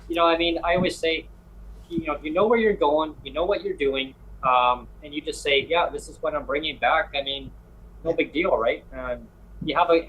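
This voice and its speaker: A man's voice: fairly high pitch, fairly bright tone, a little hiss or hum, poor audio. A man rambling through a travel story in casual chat, acting out the people he met. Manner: rambling storyteller, acts out dialogue.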